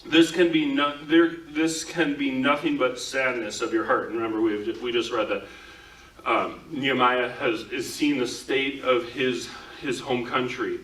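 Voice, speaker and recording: A male pastor delivering a relaxed, conversational sermon, peppering his talk with "like." His voice is bright and forceful, and it rings through a roomy church space, picked up from a little away from the mic. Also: mid-range voice, unhurried, recorded from a distance. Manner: casual, talks with frequent "like" fillers. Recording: echoey room, speaker away from mic.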